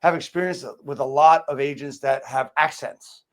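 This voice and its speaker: A man's voice: a little high, steady tone, normal speed. A man hosting a casual podcast, asking blunt conversational questions. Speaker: podcast host.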